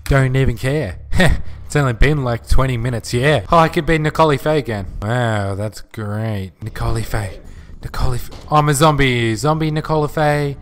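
A young man commentating a zombie game as he plays, excitable, joking and swearing. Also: medium pitch, moderate pace. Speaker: gamer playing online. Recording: noisy game audio.

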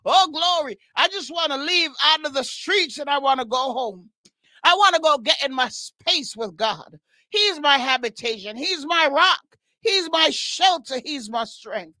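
A woman prays aloud with passion, exhorting, crying out repeated praises and breaking into tongues. Her high voice is expressive and sharp, a little slow, and the recording is dry.

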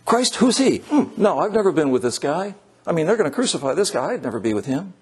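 A man doing a frightened male disciple, jittery and evasive as he waves off any link to his teacher. The voice is husky and pitched high. Quick, nervous talk that skips from one excuse to the next. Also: very animated, heavily acted.

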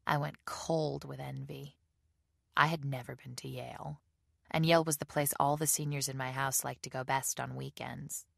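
A woman reading a novel aloud as an audiobook narrator, in measured storytelling. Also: extremely low pitch, vocal fry, a bit bright, no echo, clean studio sound. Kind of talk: scripted narration.

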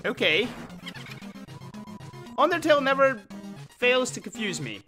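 A man commentating his own video game playthrough with excitable, panicky reactions. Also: very high voice, unhurried. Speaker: gaming video host. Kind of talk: let's play commentary. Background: faint game music.

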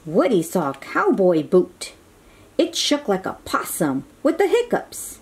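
A woman reading a children's picture book aloud, animated and asking her young listeners questions. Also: mid-range voice, measured pace, husky.

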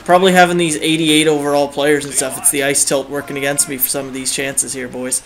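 A young man giving excitable live commentary on his own video game match, groaning and cheering at each play, his throat a bit dry. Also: fairly high pitch, brisk. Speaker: gaming channel host.

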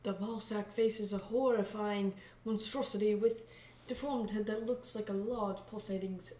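A woman's voice: medium pitch, fairly even intonation, normal speed, mellow. A young woman in her twenties vlogging in a playful, giggly way and reading chatbot replies aloud. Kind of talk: casual comedic commentary. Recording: echoey room with noise and keyboard typing.

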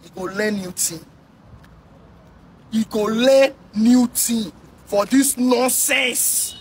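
A man from Edo State with a Nigerian Pidgin English accent, delivering a loud, sing-song scolding commentary. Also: very high-pitched, slow. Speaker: social commentator. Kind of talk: ranting commentary. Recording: distant mic with faint noise.

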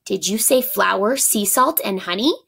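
A woman's voice: mid-range voice, lively intonation, unhurried, creaky, fairly bright tone, slightly rough, full character voice. A woman voicing a young boy in a storybook who eagerly asks about his missing bagel. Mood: excited.

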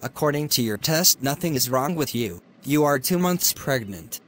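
A man voicing a calm, polite male doctor in an amateur animation, talking in a matter-of-fact way. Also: mid-range voice, moderate pace.

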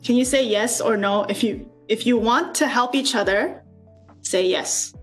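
A woman's voice: a little high, faint music behind. A woman leading a group over a video call, coaxing and asking lots of questions. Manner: slow, coaxing, asks many questions. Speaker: speaker leading a student workshop.

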